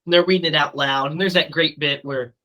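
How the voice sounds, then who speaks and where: Bright-voiced woman with the hiccups. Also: deep voice, steady tone, brisk. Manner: chatty, laughs often, swears casually. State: has the hiccups. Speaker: podcast co-host. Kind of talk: casual movie podcast chat.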